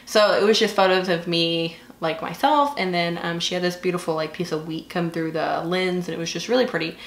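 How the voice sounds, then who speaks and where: Southern woman in her twenties, makeup chat, gushy and filler-heavy, lowish voice, roomy echo. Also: fairly quick. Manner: chatty, gushing, lots of "like" and "um". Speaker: beauty vlogger. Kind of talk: casual get-ready-with-me chat while doing makeup. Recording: echoey room.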